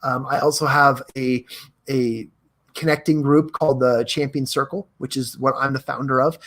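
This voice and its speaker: A young man hosts a motivational live stream in a chatty, energetic way. His voice sits in an ordinary middle pitch, and he talks straight to his viewers as he reads out their comments. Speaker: host.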